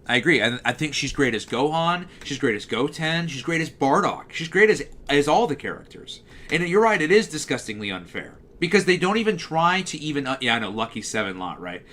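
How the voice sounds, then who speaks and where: A man with a bass-baritone voice, casually chatting on a livestream and answering messages from chat. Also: big pitch swings, brisk, pushed and bright. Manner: talkative, answers chat messages as they come in. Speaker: livestream host.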